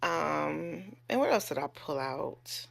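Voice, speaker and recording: A woman's voice: deep voice, animated, takes it slowly, creaky. A woman who works as a nurse, telling a story to her camera in a candid, chatty way and cursing freely. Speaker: nurse and vlogger.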